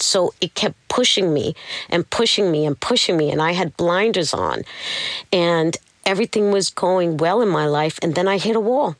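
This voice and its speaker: A woman being interviewed tells her life story candidly and with animation, acting out what other people said. Her voice sits on the low side at a moderate pace, with no echo.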